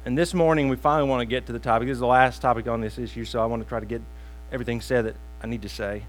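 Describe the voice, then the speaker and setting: A man preaching a sermon, telling a joke with slow pauses and plain asides to the congregation. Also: medium pitch, fairly even intonation, rough recording. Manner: storytelling with pauses, self-deprecating asides. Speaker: pastor.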